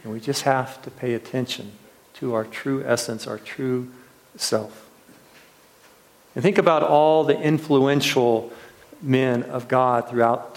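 A retreat leader gives a sermon to those gathered in the room, sounding sincere and searching as he repeats his words. He speaks in a mid-range pitch, letting phrases fade quietly before rising into rhetorical questions.

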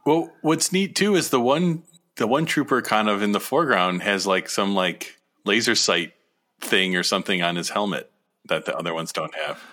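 A man's voice: lowish voice, moderate pace, pushed and bright. A man co-hosting a casual podcast, riffing playfully and laughing a lot as he reacts to a trailer. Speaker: podcast co-host.

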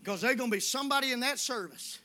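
A man preaching in church, folksy and conversational, swinging from hushed asides to shouting. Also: extremely high pitch, expressive, fast. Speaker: pastor. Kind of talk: sermon. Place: church sanctuary.

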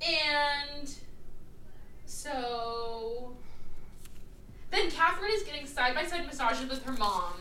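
A woman's voice: high voice, expressive, slow pace, long pauses, sharp tone, roomy sound, far from the mic, slight background noise, rough recording. A woman hosting a podcast, chatting casually and profanely about a movie and acting out the characters' lines. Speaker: podcast host. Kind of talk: casual chat reviewing a movie.

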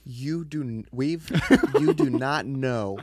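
A man co-hosting a podcast in casual comedic banter, needling his friend with exasperated, deadpan jabs. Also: mid-range voice, slow, husky, no echo, studio quality. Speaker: podcast co-host.

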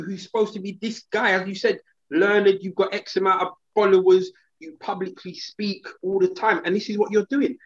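A man talks in a slightly raised voice, emphatic and indignant as he chats on a podcast. His speech is loose and slangy. The recording sounds a little dull and muffled. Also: sits high. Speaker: podcast co-host. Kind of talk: casual podcast chat.

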